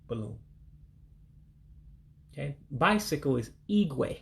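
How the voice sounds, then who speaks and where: A man from the United States leading a casual vocabulary lesson, slowly and carefully repeating foreign words and explaining them plainly. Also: mid-range voice, gravelly. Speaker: language learner teaching vocabulary.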